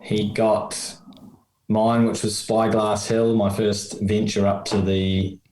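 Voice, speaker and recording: A man co-hosts a podcast in a low, mellow voice and teases his partner. The room around him is echoey. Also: little pitch movement, slow. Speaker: podcast co-host. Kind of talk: casual chat.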